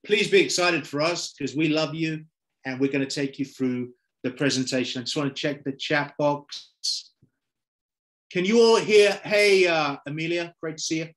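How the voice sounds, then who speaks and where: A middle-aged Londoner with a London English accent gives an upbeat online sales presentation over a video call. His voice is fairly high and fairly bright, his pace moderate, and he keeps checking in with "okay?" and "right?"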